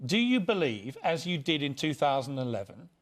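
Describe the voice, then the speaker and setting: A man from England hosts a heated television debate with a fairly high voice. He is firm, cuts in often, and presses his questions hard. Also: very animated, moderate pace. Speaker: TV presenter.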